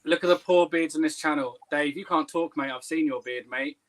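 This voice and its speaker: A man's voice: a little high, fairly quick, rough recording. A man, a little out of breath, joking and teasing himself as a guest on a casual livestream. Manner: joking, self-mocking banter.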